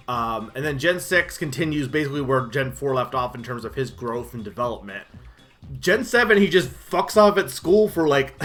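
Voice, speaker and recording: A man's voice: medium pitch, bright, forceful tone. A man streaming a game and chatting casually, rambling with lots of fillers and self-deprecating asides. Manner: rambling, full of um and like, laughs at himself. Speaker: gaming streamer. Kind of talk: casual let's-play commentary.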